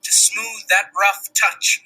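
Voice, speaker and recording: A man's voice: sits high, flat delivery, slow, sharp tone, slightly rough, voice pushed up, heavily acted, poor audio. A man reading the lovestruck young Romeo in declamatory verse. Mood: awestruck.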